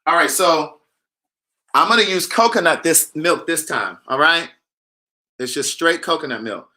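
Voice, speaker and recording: A man hosting a casual vlog, talking to camera in an animated, sassy, teasing way. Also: a little high, measured pace. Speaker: vlogger host.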